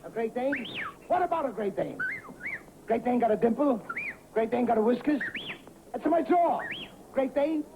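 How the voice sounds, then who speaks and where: A man in an old film scene guessing words excitedly, repeating them over and over. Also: extremely high pitch, moderate pace, creaky, long pauses, exaggerated voice. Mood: eager guessing. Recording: tinny, hissy old film soundtrack.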